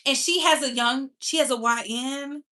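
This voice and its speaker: On a casual live stream, a woman with a bright, sharp tone and a slightly high voice gossips about celebrities, carrying the conversation herself. She's sassy and chatty, stretching some words out slowly and rushing through others for emphasis.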